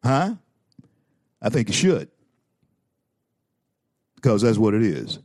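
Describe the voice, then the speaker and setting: Emphatic, slow-talking male host. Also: fairly low pitch, wildly swooping pitch, darkish tone, no echo, studio quality. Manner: emphatic, repeats lines for effect; stammering restarts. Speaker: talk show host. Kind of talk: opinionated political commentary.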